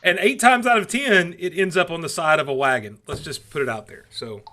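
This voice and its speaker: A man's voice: fairly high pitch, a little fast, sharp tone. A middle-aged man with a Southern accent, co-hosting a casual chat and telling stories with a teasing, joking manner. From Southern United States. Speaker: co-host.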